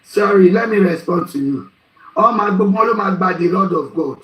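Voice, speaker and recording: A man hosts a live group talk in a high, bright voice. He speaks in a loud, animated way and switches languages as he goes. He sounds far from the mic, with an echoey room around him. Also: fairly quick.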